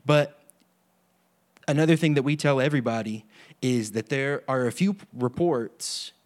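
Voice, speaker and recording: A man of middle pitch speaks in a relaxed, conversational preaching voice. He teaches with earnest conviction, often dropping into quoted voices as he tells stories. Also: measured pace. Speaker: healing ministry leader. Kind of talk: informal sermon teaching.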